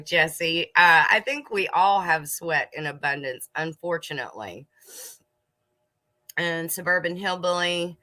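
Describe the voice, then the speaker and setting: A middle-aged woman hosting a casual homestead livestream, chatting warmly with viewers, laughing and snacking as she talks. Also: low voice, moderate pace. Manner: chatty, laughs and munches while talking to viewers.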